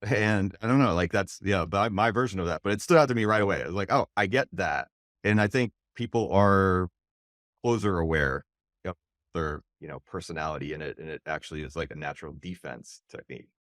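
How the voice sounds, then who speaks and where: Deep-voiced man hosting a podcast. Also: a little fast, fairly bright tone, dry recording, studio quality. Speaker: podcast host. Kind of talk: conversational interview.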